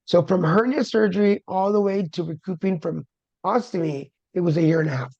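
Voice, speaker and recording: A man's voice: high voice, brisk, creaky, a little mellow, dry recording. A man sharing his cancer story as a guest, candid and humorous, with dramatic retellings. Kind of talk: personal storytelling. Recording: dull lo-fi dry sound.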